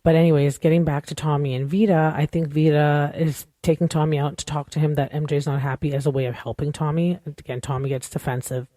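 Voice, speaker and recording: A woman's voice: sits low, level tone, quick pace, hardly any pauses, mellow, no echo, studio quality. A woman hosting a podcast, talking through a show recap in a candid, rambling way with lots of "like" and "you know.". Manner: opinionated, candid. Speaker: podcast host. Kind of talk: casual recap chat.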